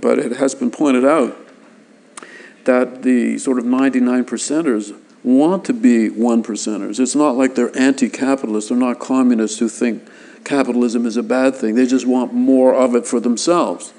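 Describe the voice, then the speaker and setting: A man from Canada answering interview questions in a relaxed, thoughtful way, often stopping and restarting his sentences. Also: medium pitch. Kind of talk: casual interview chat.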